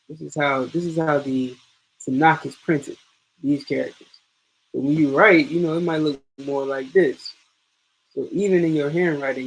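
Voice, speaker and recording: A man's voice: fairly high pitch, gravelly, breathy edge, rough recording. A man teaching an online class, patiently drilling each point and repeating it step by step.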